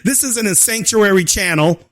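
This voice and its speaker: A man hosting his own channel, ranting loudly with mocking laughter and put-on imitations of opponents. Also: high-pitched, moderate pace. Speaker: host. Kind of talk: opinion rant.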